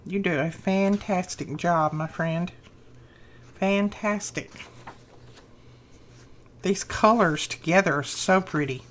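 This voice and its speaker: Slow-talking, gushing woman unboxing crafts. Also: lowish voice, slight background noise. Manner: gushing, effusive; slow, lingering delivery. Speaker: crafting channel host. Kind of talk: unboxing happy mail.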